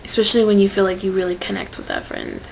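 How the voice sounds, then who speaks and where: A young woman telling a personal story to camera in a casual vlog, swinging from loud outbursts to whispered asides. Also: medium pitch, huge pitch swings, fast talker, creaky, slight background noise, low-quality recording. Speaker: vlogger.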